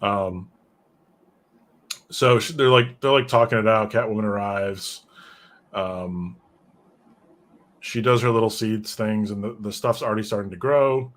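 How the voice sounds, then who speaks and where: A man's voice: fairly low pitch, measured pace, pauses often, fairly bright tone. A man hosting a casual comic book discussion who rambles and drifts into side notes. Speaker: podcast host reviewing comics.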